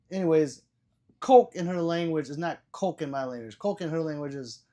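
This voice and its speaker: Profane rambling man hosting a livestream. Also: mid-range voice. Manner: profane, rambling, stammers and repeats words; loud swings between shouting and muttering. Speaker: livestream host. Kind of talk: livestream chat reading.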